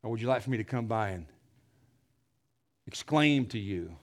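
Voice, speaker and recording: A man preaching a fiery sermon, rising to shouts and dropping to hushed tones, repeating phrases and firing rhetorical questions. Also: lively intonation, moderate pace, long pauses. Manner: swings from loud emphatic shouting to low hushed tones.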